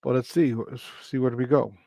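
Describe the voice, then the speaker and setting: A man's voice: medium pitch, creaky, no room sound. Fired-up man hosting sports talk. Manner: excitable, repeats phrases for emphasis; reads stat lines off in quick lists. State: doing burpees while talking. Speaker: sports talk show host. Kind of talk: casual sports talk livestream.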